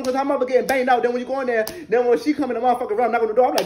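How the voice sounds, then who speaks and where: A man's voice: very high voice, racing, hardly any pauses, darkish tone. A man in his twenties telling an angry, profane storytime rant to camera, repeating lines for emphasis. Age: 20s. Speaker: vlogger.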